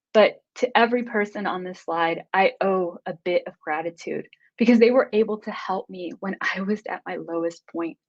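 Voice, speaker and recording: A woman giving a motivational conference talk, earnest and emotional, speaking in quick bursts. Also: mid-range voice. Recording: dull lo-fi recording.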